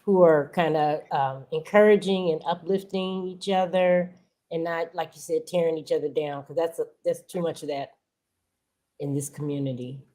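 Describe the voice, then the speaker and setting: Low-pitched woman from Los Angeles chatting. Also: fairly even intonation, normal speed, dark tone. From Los Angeles, California. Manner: curious, asks friendly questions. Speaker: guest YouTuber. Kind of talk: casual live chat.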